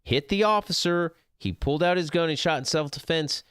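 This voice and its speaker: Male streamer, middle-aged, profane rambling talk, smooth voice, dry close mic. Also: fairly high pitch, brisk, fairly bright tone, no echo. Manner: profane, rambling, gets heated. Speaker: gaming streamer. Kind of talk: casual rant over gameplay.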